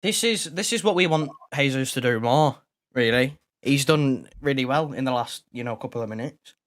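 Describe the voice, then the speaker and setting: A man co-hosting a football watch-along, giving calmer, analytical remarks on play. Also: mid-range voice, moderate pace. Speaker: co-host.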